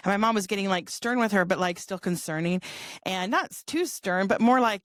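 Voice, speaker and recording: A woman's voice: mid-range voice, fairly quick, fairly bright tone, dry recording. A woman in her fifties from California tells stories in a loose, chatty way. She laughs often and slips into other people's voices as she goes. The sound is dry and close. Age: 50s. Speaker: guest author. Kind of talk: casual interview storytelling.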